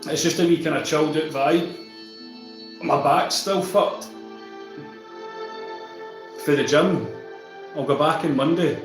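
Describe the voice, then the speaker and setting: A man's voice: on the high side, takes it slowly, pauses often, roomy sound, over music, rough recording. Chatty Scottish man streaming live. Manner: chatty, reads out and answers viewer comments. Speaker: livestreamer. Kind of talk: casual livestream chat with viewers.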